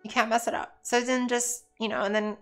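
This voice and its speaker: A woman's voice: a little high, flat delivery, brisk, faint music behind. Chatty woman streamer joking while gaming. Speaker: let's play streamer. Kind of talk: casual chat while gaming.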